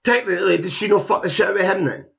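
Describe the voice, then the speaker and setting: A man's voice: high-pitched, very fast, gravelly, lo-fi sound, very noisy. A young man giving blunt, scornful, profanity-heavy reaction commentary on a video. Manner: blunt, scornful, swears heavily. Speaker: YouTube commentator.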